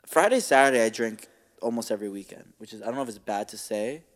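A man's voice: lowish voice, fast talker. Laid-back, swearing male podcast co-host. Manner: laid-back, swears freely, laughs often. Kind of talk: casual chat.

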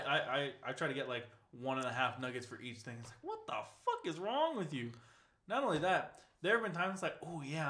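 A man's voice: on the high side, sharp tone. A young man in casual chat with friends, rambling and swearing, often laughing.

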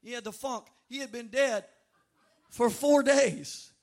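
A male pastor, from North Louisiana, preaching a dynamic sermon with bursts of shouting and drawn-out, sung phrases. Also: very high voice, vocal fry. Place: church sanctuary before a congregation.

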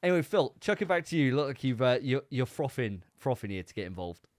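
A man's voice: medium pitch, sing-song, quick pace, no echo, studio quality. A man co-hosting a podcast, chatting casually and rambling with repeated words. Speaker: podcast co-host. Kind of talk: casual chat.

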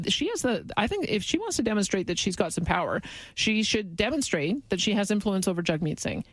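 A politician giving a halting statement in a played clip, repeating words often. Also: medium pitch, dry recording, low-quality recording.

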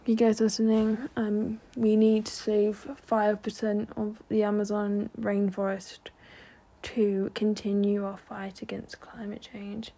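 Young woman doing a solo podcast, slow and kinda flat, earnest, lots of ums. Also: medium pitch. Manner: earnest, many ums and restarts. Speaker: podcast host.

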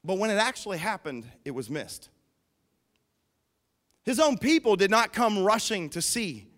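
A pastor preaching a sermon, emphatic, asking the listeners questions and swinging between hushed and loud. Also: male voice, high-pitched, sing-song, a little slow.

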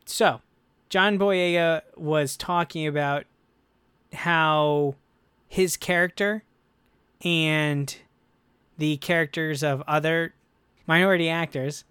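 A man hosting a casual podcast discussion, animated and chatty, breaking into playful voices when quoting others. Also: fairly high pitch, takes it slowly, pauses often, clear, resonant tone, no echo. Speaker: podcast host.

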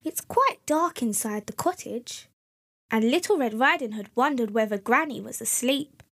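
A woman reading a children's fairy tale aloud as storyteller, gentle and clear. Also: on the high side, animated, normal speed.

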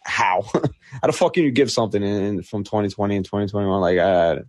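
A man's voice: fairly low pitch, expressive, fast. A man talking loosely in a casual podcast chat, leaning on fillers and "bro". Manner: loose, laid-back, many fillers like "I mean" and "bro". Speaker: podcast co-host.

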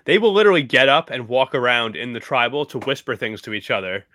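Lively bright-voiced man teasing a friend. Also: mid-range voice, fast talker, dry recording. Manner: teasing, swears casually. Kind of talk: casual chat.

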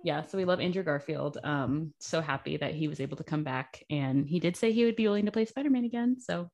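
A woman's voice: low voice, fast, darkish tone. A young woman co-hosting a casual podcast chat, giggly and chatty with lots of fillers. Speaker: podcast co-host.

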